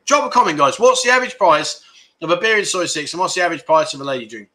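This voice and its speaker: A man's voice: on the high side, expressive, fast talker, pushed and bright. A man hosting a casual livestream, rambling frankly and calling his viewers mate as he reads out their comments. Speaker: livestream host.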